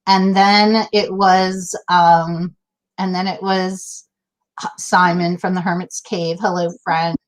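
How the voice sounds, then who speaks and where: A woman's voice: lowish voice, flat delivery, takes it slowly. A woman hosting a casual live-stream chat, chatty and laughing as she greets viewers by name. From Massachusetts, USA. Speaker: host.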